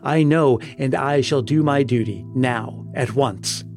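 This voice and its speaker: A man's voice: medium pitch, takes it slowly, a little mellow, faint music behind. A man reading the lines of a devout, anguished old village priest in a storybook tale, in a fervent, pleading manner. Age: older.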